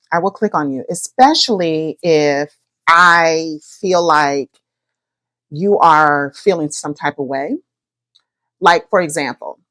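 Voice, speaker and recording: A middle-aged woman, hosting a podcast and chatting about her own life in a lively, animated way. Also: low-pitched, no echo. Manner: lively, chatty, addresses listeners as y'all. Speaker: podcast host. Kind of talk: personal storytelling to listeners.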